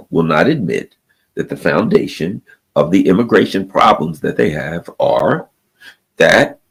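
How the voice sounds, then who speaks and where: Sarcastic gravelly man ranting. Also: medium pitch, rough recording. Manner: sarcastic, repetitive, with frequent restarts. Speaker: political commentator. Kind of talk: ranting solo commentary.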